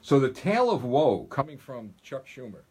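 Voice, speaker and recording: This middle-aged man's medium-pitched, slightly rough voice swings widely in pitch as he talks at a normal speed. On his political live stream he repeats himself emphatically, calling his listeners folks throughout the monologue.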